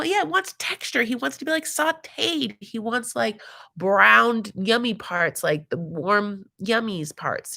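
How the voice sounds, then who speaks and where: A woman's voice: on the high side, sharp tone. A woman hosting a reality TV recap live stream in casual commentary, chatty and giggly, leaning on fillers and calling people honey and my love.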